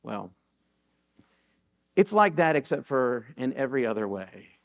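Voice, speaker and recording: Speaking briskly at a medium pitch, a pastor preaches in a church sanctuary. He tells stories casually and conversationally, going back over his main points to drive them home.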